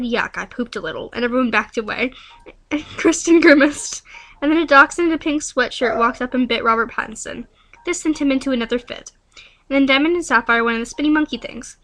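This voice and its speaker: Bright, high-pitched giggly young woman. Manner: giggly, playful, breaks into song. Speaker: storyteller. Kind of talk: improvised silly storytelling.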